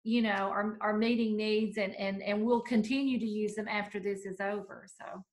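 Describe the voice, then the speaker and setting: A woman's voice: mid-range voice, fairly even intonation, moderate pace. A woman co-hosting a podcast in a casual chat, effusive and encouraging, often restarting her sentences. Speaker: podcast co-host.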